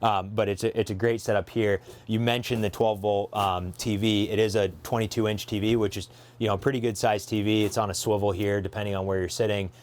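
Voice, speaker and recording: Eager low-voiced man giving a tour. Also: level tone, brisk, slight background noise. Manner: eager, filler-heavy, self-correcting. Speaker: dealership host showing a trailer. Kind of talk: casual walkthrough with a colleague.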